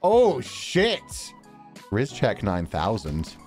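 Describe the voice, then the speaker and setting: A man's voice: fairly low pitch, huge pitch swings, a little mellow, soft background music. A young adult man streaming a game, chatting casually, joking around and laughing often. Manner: joking, rambling, quick to laugh.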